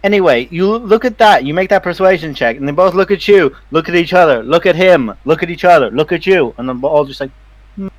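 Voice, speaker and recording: Animated game master man. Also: a little high, quick pace, few pauses, no echo, dull audio. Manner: animated, laughing storyteller. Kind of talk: narrating a tabletop game on stream.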